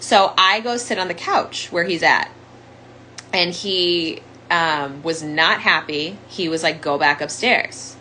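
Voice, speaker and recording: On a rough recording with a little hiss or hum, a young woman speaks slowly in a lowish, bright voice with a forceful tone. She openly recounts her experience as a domestic violence survivor, talking conversationally and using "like" constantly.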